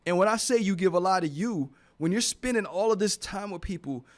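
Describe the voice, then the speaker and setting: A man hosting a motivational radio talk show, speaking earnestly and from the heart, repeating phrases for emphasis in a studio. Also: sits high.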